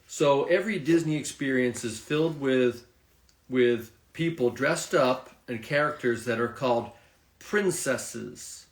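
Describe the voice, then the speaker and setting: Man, medium pitch, unhurried, calm, says words clearly, roomy echo. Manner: calm, steady, says each word clearly on request. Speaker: co-host introducing vocabulary. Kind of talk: casual lesson, reading word list.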